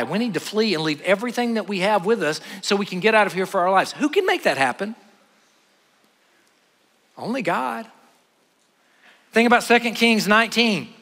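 A man preaching a sermon to an audience, animated and acting out scripture scenes in quick voices. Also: sits high. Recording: long hall reverb.

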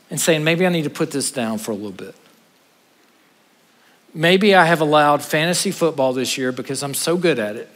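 A man, a pastor preaching an earnest sermon to his congregation, trading quick asides for slow, stressed points. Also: on the high side, a bit bright, big-room sound. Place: church sanctuary.

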